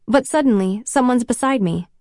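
Reading a novel in the first person, a woman narrator voices a wry, self-conscious inner monologue. Her voice is on the high side, animated and a little mellow at a moderate pace, with dry, studio-quality recording.

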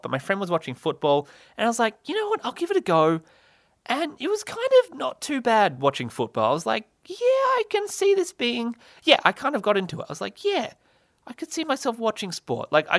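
Young man with a very lively, bouncy voice. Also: on the high side, no room sound, studio quality. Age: young adult. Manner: rambling and self-mocking, with frequent fillers and laughs. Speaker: podcast host. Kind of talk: solo comedic podcast monologue.

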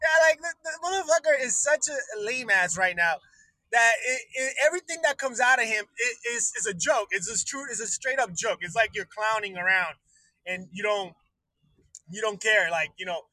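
A man's voice: sits high, moderate pace, no echo, low-quality recording. A man hosting his own livestream, ranting with heavy swearing and frequent laughter. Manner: swearing, laughing between lines, excitable. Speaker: livestream host. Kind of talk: profane political rant.

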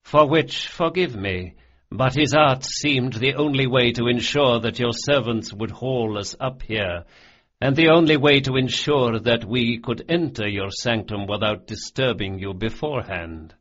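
A man's voice: medium pitch, measured pace. Man voicing a suave, menacing older crime lord. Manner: suave, courteous, quietly threatening. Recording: dull lo-fi audiobook recording.

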